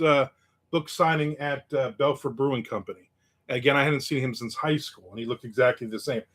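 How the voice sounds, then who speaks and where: A man's voice: mid-range voice, breathy edge. A man in his fifties hosting a casual livestream, reading comments with rambling, joking remarks and chuckles. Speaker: host.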